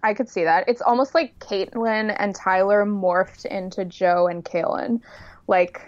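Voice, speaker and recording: A woman's voice: mid-range voice, fairly even intonation, unhurried. A young woman co-hosting a podcast, chatting casually with wry, dry jokes. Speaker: podcast co-host. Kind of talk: casual chat. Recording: slightly dull lo-fi sound.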